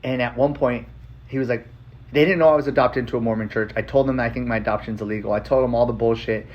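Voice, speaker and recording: A man's voice: mid-range voice, quick pace, lo-fi sound. Rambling casual man telling his story. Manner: casual, rambling, full of filler words and swearing; emotional and excited. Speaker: vlogger. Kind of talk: personal storytelling.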